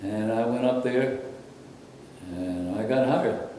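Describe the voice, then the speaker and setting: An older man from Brooklyn tells rambling stories of his working life in a mellow, relaxed voice. He sits back from the microphone in a very echoey room, and a faint hum lies underneath. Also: mid-range voice, takes it slowly, recorded from a distance. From Brooklyn, New York. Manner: rambling, anecdotal, conversational. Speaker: interviewee, former radio announcer. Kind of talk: reminiscing interview.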